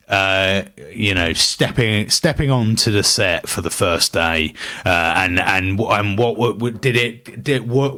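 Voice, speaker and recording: A man from the UK hosting a podcast, asking questions in a halting way and stumbling over his words. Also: fairly low pitch, pushed and bright. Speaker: podcast host. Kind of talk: casual interview chat.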